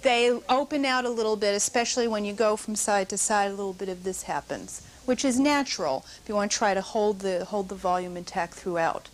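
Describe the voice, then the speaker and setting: A woman's voice: mid-range voice, a little fast, few pauses. A middle-aged woman teaching a dance notation class in a studio, coaching dancers and calling counts aloud.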